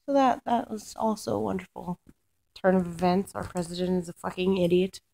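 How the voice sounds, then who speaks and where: In a casual rant to camera, a young woman who vlogs complains about her week, rambling, frustrated, cursing a lot and starting sentences over. She speaks in a mid-range voice that is gravelly yet mellow.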